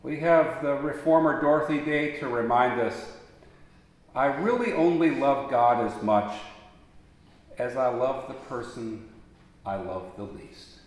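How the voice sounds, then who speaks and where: A man preaching a sermon in a large church sanctuary, telling stories in an unhurried way. He swells into emphatic appeals and then drops quiet again. His voice carries a long, booming echo through the hall.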